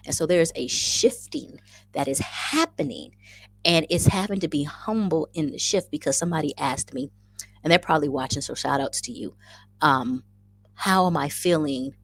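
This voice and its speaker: A woman's voice: low voice, animated, moderate pace, no echo. A woman hosting a casual livestream, effusively greeting viewers by name and chatting through the comments, often repeating her phrases. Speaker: livestream host.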